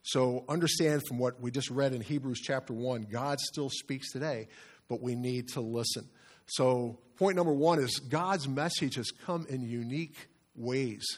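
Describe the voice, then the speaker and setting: Pastor, male, middle-aged, mid-pitched voice, earnest conversational sermon delivery. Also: unhurried. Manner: earnest, conversational preaching with asides to the congregation.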